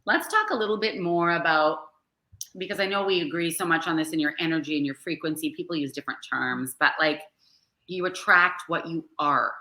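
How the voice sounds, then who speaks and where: A woman's voice: sits low, a little fast, bright, forceful tone, reverberant. A woman hosting a casual interview chat, earnest and encouraging, agreeing with her guest. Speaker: podcast host.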